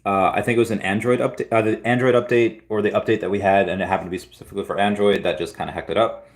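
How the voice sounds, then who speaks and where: Answering chat on a casual livestream, this man talks at a racing pace in a lowish voice with fairly even intonation. He rambles through the questions, often restarting and repeating words.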